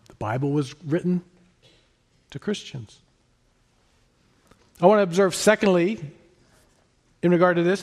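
A man preaching a sermon in an earnest, emphatic way, rising to stress his points and then dropping soft. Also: a little high. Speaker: pastor.

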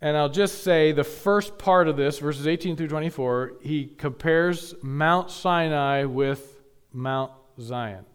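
A male pastor preaching a sermon, building to emphatic peaks and dropping to quiet asides. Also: on the high side, slow pace, smooth.

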